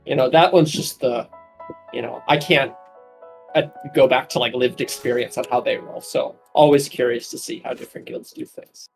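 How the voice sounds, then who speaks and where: A man's voice: medium pitch, normal speed, gravelly, soft background music. A man joining a gaming stream as a guest, talking casually and a bit hesitantly. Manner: relaxed, hesitant with fillers. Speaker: guest tool developer. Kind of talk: casual voice-chat talk.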